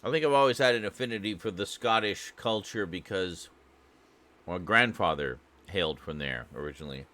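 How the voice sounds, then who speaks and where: A man's voice: sits low, moderate pace, bright, forceful tone. A man from Canada chatting casually and joking as he reacts to a clip, rambling and laughing often. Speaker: reaction video host.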